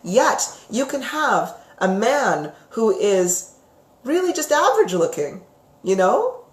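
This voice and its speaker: On a live stream with a roomy echo, a woman teaches about psychic topics in a slightly high voice, taking it slowly. She's chatty and expressive, reads out viewer comments and often asks "right?"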